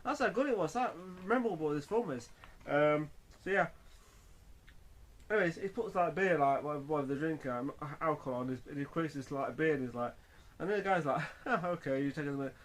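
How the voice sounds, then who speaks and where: A man's voice: fairly high pitch, lively intonation, normal speed. A man reviewing a film in a casual, rambling way, full of fillers and restarts.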